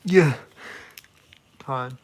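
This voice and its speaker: A man's voice: medium pitch, very slow. Rambling, foul-mouthed male streamer. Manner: rambling, swears freely, talks to chat. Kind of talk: casual livestream chat.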